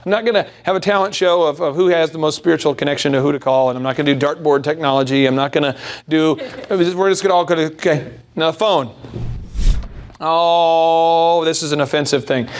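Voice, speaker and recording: A man's voice: on the high side, brisk. A man coaching a live workshop audience, emphatic and repeating key points with rhetorical questions. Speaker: business coach. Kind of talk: motivational workshop talk.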